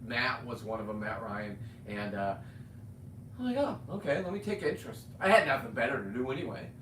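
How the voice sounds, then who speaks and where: A man's voice: mid-range voice, fairly quick, a bit bright. Middle-aged male streamer, blunt, rambling, off-mic in an echoey room. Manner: blunt, rambling, swears and restarts. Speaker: livestream host. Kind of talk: ranting livestream monologue. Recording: roomy sound, distant mic, faint ambient noise.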